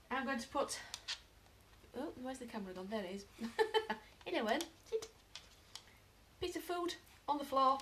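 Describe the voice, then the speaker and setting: A British woman giving a casual live dog-training lesson at home, chatting to viewers and breaking into high-pitched praise for her dog. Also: very animated, unhurried, pauses often, fairly bright tone, slight background noise. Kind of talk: live-streamed training demo.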